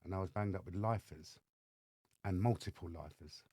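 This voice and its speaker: A man with an English accent, a podcast guest telling his life story in lively fashion and acting out the voices of others. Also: deep voice, moderate pace, breathy edge, dry recording. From England. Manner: animated storyteller acting out dialogue. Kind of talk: storytelling interview. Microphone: studio microphone.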